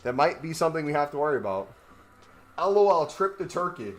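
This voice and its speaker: A man's voice: on the high side, sing-song, brisk. A man chatting casually on a gaming livestream, rambling and joking while he walks on a walking pad. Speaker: gaming streamer.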